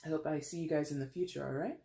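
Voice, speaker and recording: A tarot reader talks straight to the camera in a blunt, sassy way, swearing freely and rambling with quick restarts. The voice sits at a middle pitch. The recording has a noticeable echo from the room. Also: steady tone, vocal fry, mellow. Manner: chatty, with laughs and restarts. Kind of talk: casual solo reading to camera. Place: alone in a room at home. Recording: echoey room.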